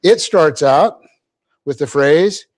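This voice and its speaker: A man's voice: on the high side, lively intonation. Middle-aged man teaching a Bible class. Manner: explanatory, often checking in with "okay?"; light-hearted, quick to laugh at himself. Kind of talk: classroom lecture on Greek grammar. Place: church classroom.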